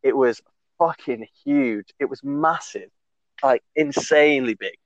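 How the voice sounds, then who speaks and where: A man's voice: medium pitch, a little slow, dry recording, lo-fi sound. Young man telling a rambling story. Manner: rambling, laughing, lots of fillers and swearing. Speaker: podcast co-host. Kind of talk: casual storytelling chat.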